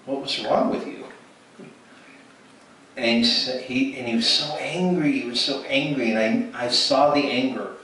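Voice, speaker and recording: A man's voice: medium pitch, a little slow, fairly bright tone. A man giving a spoken testimony at a ministry gathering, storytelling with many restarts and acted-out dialogue. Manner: storytelling, acts out quoted dialogue with frequent restarts. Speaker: speaker at ministry event. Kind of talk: testimony sermon. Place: church hall. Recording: echoey hall from far off, faint noise.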